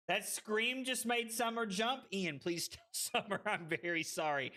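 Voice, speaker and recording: A male streamer giving excitable live commentary on a card game, tipsy, laughing, swearing and often shouting. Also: high voice, measured pace, hardly any pauses. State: tipsy from drinking. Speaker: streamer and host.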